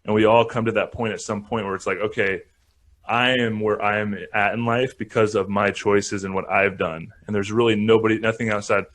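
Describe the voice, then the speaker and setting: A man's voice: fairly low pitch, fairly quick. A man in his thirties, a podcast guest and former pro football player, talking earnestly and reflectively. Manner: calm, earnest, speaks of self-responsibility. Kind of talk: reflective interview talk.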